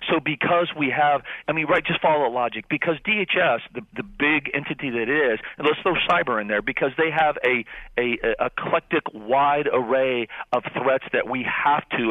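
A man calls in to a radio show as a homeland security official. He speaks earnestly, stumbling and restarting his sentences. His voice is mid-pitched, and it comes through a thin, tinny phone line. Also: no echo.

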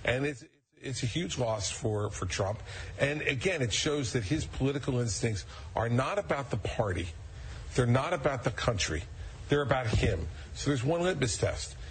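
A man giving a measured, critical political comment in a news interview clip. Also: medium pitch, lively intonation, slight background noise.

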